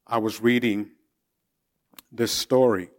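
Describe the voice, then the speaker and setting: Male preacher, reflective sermon storyteller, slow pace, average pitch. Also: fairly even intonation.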